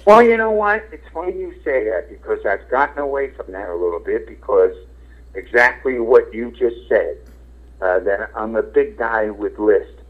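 A man's voice: fairly low pitch, lively intonation, moderate pace. Middle-aged philly guy, rambly radio host, says uh a lot, cusses, thin phone-line sound. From Philadelphia. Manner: rambling, frank, swears casually, many fillers. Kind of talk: casual interview talk.

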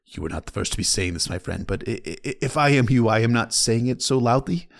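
A man voicing a sly old male pirate captain who speaks in stilted, foreign-sounding phrases and drops his voice low. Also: lively intonation, fairly quick, creaky. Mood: warning.

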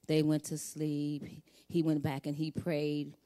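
A woman's voice: deep voice, monotone, takes it slowly, dark tone. A middle-aged woman preaching a sermon, reading scripture and building to fervent calls for the congregation to repeat after her.

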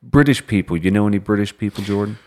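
A man's voice: lowish voice, fast, a little mellow. A man co-hosting a podcast in casual chat, joking at his own expense and laughing often. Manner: jokey, self-deprecating, laughs often. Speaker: podcast co-host.

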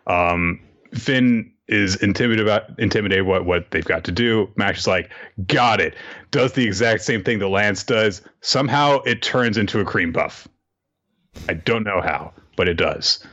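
A man casually recapping an anime episode on a podcast, rambling and dropping into quick quoted character voices. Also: on the low side, fairly bright tone, highs cut off. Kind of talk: casual chat.

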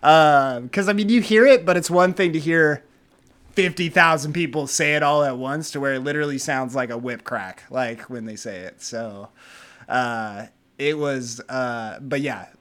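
A man co-hosting a casual podcast chat, animated and profane, laughing often as he talks. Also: mid-range voice, moderate pace, smooth. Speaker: podcast co-host.

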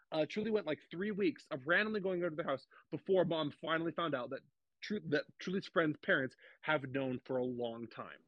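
A man's voice: a little high, a bit bright, husky, no room sound, lo-fi sound. A young man as an interview guest, talking eagerly and gushingly, repeating himself with lots of restarts. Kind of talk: casual interview chat.

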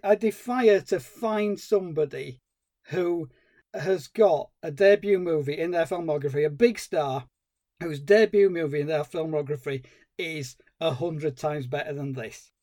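A man's voice: fairly high pitch, unhurried, no echo, studio quality. A man co-hosting a film podcast, chatting casually and laughing easily. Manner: animated, laughs at his own lines. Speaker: podcast co-host.

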